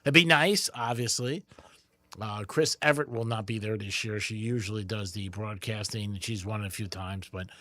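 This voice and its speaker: Forceful, bright-voiced male radio host. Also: lowish voice. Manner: upbeat, reacts with quick joking asides. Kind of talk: casual radio chat. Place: radio studio.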